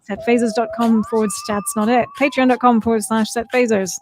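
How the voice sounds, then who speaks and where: Woman, podcast co-host, a touch high, chatty and wry. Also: flat delivery, brisk, a little mellow. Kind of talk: casual chat, reading news items.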